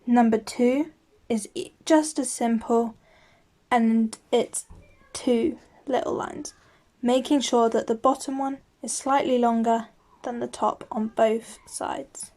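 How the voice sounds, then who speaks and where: A woman teaching a language lesson, explaining each word slowly and saying it twice for the learner to repeat. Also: a little high, steady tone, a little mellow. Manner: patient, says each word twice clearly. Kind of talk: slow, clear lesson with repeat-after-me drills.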